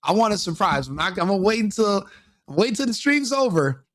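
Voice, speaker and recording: Guy streaming and riffing on a clip, higher voice, jokey and mocking. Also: brisk. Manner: joking, animated, mocking. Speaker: live-stream host. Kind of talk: casual stream commentary.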